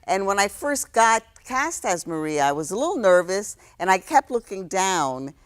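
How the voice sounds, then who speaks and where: A woman in her sixties from New York City, a guest telling stories in a relaxed interview, reflective, with many fillers and restarts. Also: medium pitch, moderate pace. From New York City, South Bronx. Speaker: guest, actress.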